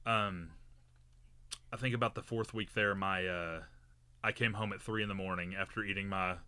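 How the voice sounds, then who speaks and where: Podcast guy rambling thru a work story, lowish bright voice, dry close mic. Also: fairly even intonation, moderate pace, smooth, no echo. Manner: rambling, with many fillers and restarts. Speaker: podcast co-host. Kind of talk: casual storytelling.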